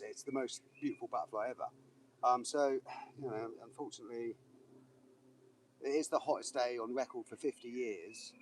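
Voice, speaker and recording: Man vlogging outdoors, mid-pitched, rambling and jokey, frequent restarts, river water running behind. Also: darkish tone, far from the mic, a little hiss or hum, rough recording. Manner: joking, meandering, with frequent restarts.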